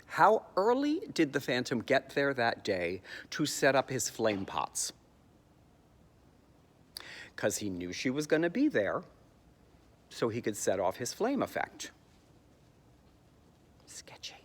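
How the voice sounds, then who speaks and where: A man giving a sarcastic comic recap of a stage musical's plot, jumping into high squeaky voices to mock the characters. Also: wildly swooping pitch, slow, long pauses, in a large hall. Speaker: comedic theatre commentator.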